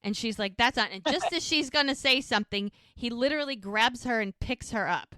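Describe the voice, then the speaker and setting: A woman co-hosting a podcast, retelling a TV episode in an animated, chatty way and quoting the characters. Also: a little high, a little fast, no room sound, clean studio sound. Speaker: podcast co-host. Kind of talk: casual recap of a TV episode.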